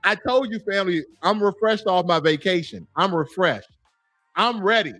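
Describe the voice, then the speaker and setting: A man's voice: high voice, lively intonation, normal speed, fairly bright tone, no room sound, soft background music. A man hosting a livestream, reading chat comments aloud and repeatedly goading a commenter to join the call. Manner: taunting, calls a chatter in over and over. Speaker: livestream host.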